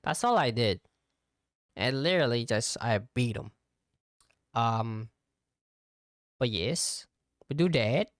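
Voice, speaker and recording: A man's voice: medium pitch, animated, slow, long pauses, dry recording, studio quality. A young man hosting a casual solo podcast as a VTuber, rambling with lots of fillers.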